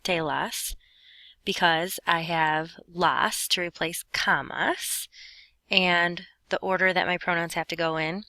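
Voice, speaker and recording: A woman teaching a Spanish grammar lesson as a voice-over on her notes, explaining each step in a clear, patient way. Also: on the low side, steady tone, slow, pushed and bright, no echo.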